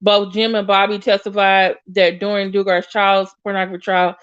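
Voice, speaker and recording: A woman's voice: medium pitch, little pitch movement, moderate pace, fairly bright tone, clean tone, no room sound, lo-fi sound. A woman giving blunt, emotional reaction commentary as she reads news aloud, swearing and talking back at it. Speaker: commentary youtuber.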